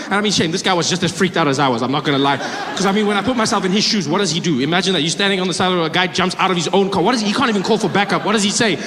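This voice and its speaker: A man's voice: high-pitched, fast talker. A man doing stand-up storytelling, acting out characters with shifting voices. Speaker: stand-up comedian. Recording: live hall, reverb and noise.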